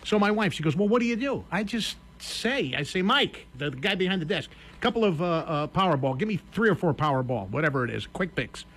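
Brief: radio host, Connecticut man, high voice, lively storyteller doing both sides of a chat. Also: a little fast, a little hiss or hum. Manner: animated storyteller acting out both sides of a dialogue. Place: radio studio.

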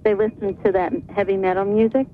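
A woman's voice: medium pitch, level tone, fast. A woman calling in to a radio show, speaking earnestly and with concern. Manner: earnest, worried. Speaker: caller. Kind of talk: call-in radio talk. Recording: tinny phone line with faint noise.

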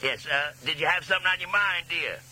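Man, American accent, radio DJ, drawling jive patter, chuckling, slightly high, very bright tone. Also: brisk, a little hiss or hum. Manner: drawling, teasing, chuckling hipster slang.

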